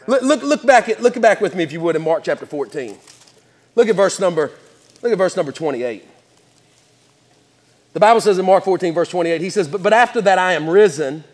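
A man's voice: sits high, expressive, fairly quick, pauses often, in a large hall. A man preaching a sermon in church, folksy and chatty, laughing often and repeating his words.

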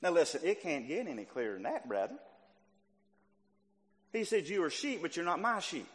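Man, preacher, sermon, high voice, lively swings from loud to low, church hall reverb. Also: moderate pace. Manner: animated, rising to near shouts and dropping low. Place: church sanctuary.

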